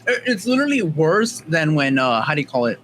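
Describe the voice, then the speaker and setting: A young man co-hosting a podcast in casual chat, halting and stumbling, with the odd curse. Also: a little high, big pitch swings, a bit bright, a little hiss or hum. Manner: halting, many fillers and restarts, swears. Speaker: podcast co-host.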